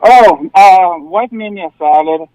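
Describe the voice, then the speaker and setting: A man's voice: high-pitched, a little slow, warm tone, dry recording. A man calling in to a show, out of breath, talking in a sheepish, chatty way. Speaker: caller. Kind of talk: phone call into a show. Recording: dull lo-fi phone line.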